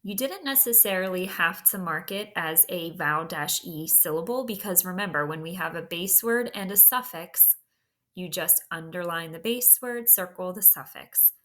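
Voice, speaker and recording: Woman teacher, slow spelling dictation, low voice, bright tone.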